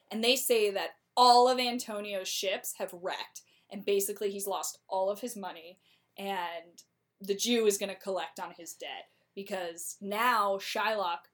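A woman casually recapping a plot in a chatty, slangy way, with quick laughs. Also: mid-range voice, a bit bright.

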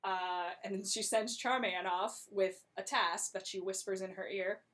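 A young woman retells a play in a loose, casual way. She is chatty and breaks into quick character voices as she goes. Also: mid-range voice, steady tone, fairly bright tone.

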